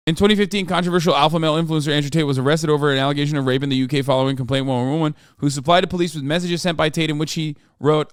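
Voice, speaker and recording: A man's voice: fairly high pitch, fairly even intonation, rapid-fire, hardly any pauses, smooth, no room sound, studio quality. A man streaming a reaction to a news article, heated and profane, rambling in bursts. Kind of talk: reaction commentary.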